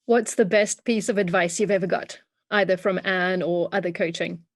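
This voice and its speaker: A woman's voice: on the low side, steady tone, moderate pace. A woman hosting an interview, asking brief, friendly questions. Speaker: interview host.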